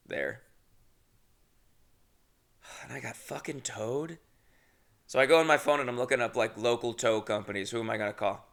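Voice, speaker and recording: A man's voice: mid-range voice, vocal fry, a bit bright. A young adult man hosting a podcast, telling a rambling, comedic story about himself, swearing often and laughing at his own mishaps. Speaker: podcast host.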